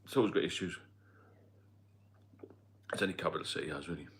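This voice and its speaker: A middle-aged man from Northeast England, whose accent mixes Geordie and London, hosts a casual livestream and rambles while answering viewer comments. His deep voice is fairly quick and a bit bright, with a little hiss or hum in the audio.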